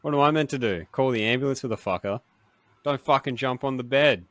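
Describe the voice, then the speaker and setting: A man's voice: medium pitch, brisk, dry recording. A young Australian man co-hosting a podcast in casual chat, joking and swearing freely. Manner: joking, profane, animated. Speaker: podcast co-host.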